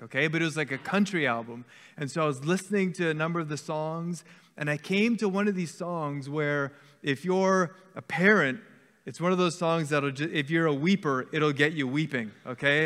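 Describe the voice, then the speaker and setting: A man's voice: a little high, fairly bright tone. A man in his forties preaching a sermon to a church congregation in a conversational way, often checking in with "okay?". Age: 40s. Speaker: pastor. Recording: church hall with long reverb.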